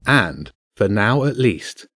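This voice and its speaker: A man narrating a children's adventure story aloud in a steady, measured way. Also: lowish voice, no echo, clean studio sound.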